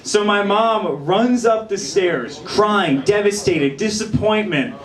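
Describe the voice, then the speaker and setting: A man's voice: high-pitched, animated, slow pace. A young man doing a rambling, self-deprecating stand-up set in a small bar. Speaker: stand-up comedian. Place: small bar with live crowd. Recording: echoey room, crowd noise.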